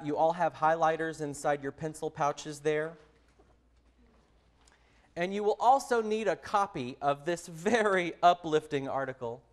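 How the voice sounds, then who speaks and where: Friendly Texan man leading a teacher workshop. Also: fairly high pitch. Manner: friendly, direct, addresses listeners as a group. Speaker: teacher trainer. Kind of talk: professional development lesson.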